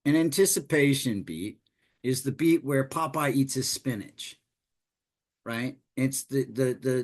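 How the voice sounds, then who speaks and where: A man teaching storytelling for tabletop games in a loose, animated, digressive way. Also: medium pitch. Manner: animated, digressive, conversational explaining. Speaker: game master teaching storytelling. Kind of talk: informal lesson.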